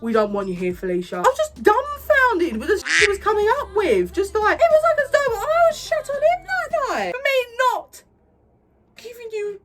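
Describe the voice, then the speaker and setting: A young woman telling a storytime vlog in an animated, sweary, sassy way. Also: extremely high pitch, moderate pace. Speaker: vlogger.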